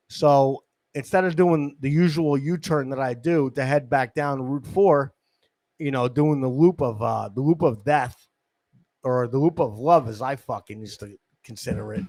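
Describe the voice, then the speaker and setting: Into his studio microphone, a podcast host with a mid-range, darkish voice tells a meandering, foul-mouthed street-hustler story. The recording is dry, the tone casual.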